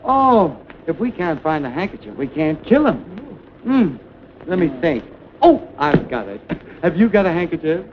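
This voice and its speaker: A flustered firing-squad commander. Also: male voice, normal speed, slight background noise. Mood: fussing. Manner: excitable, flustered and giggly, swinging wildly in pitch. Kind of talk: 1920s film comedy sketch. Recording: muffled 1929 film soundtrack.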